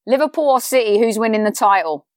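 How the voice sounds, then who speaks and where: A woman hosting a casual chat, running a quick-fire quiz in a brisk, playful manner. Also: on the high side, animated, a little mellow, dry recording, clean studio sound. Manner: brisk, playful, calls guest babe. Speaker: host.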